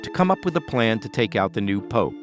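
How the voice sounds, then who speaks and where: Lively male podcast narrator. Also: lowish voice, music in the background. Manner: measured, documentary storytelling. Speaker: host and narrator. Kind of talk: scripted narration.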